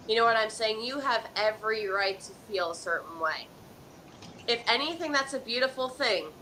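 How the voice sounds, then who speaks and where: A woman's voice: mid-range voice, sharp tone, slight background noise, rough recording. A woman hosting a live psychic advice stream, talking in an emphatic, preachy way and often checking in with "okay?". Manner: dramatic countdowns and pep-talk repetition.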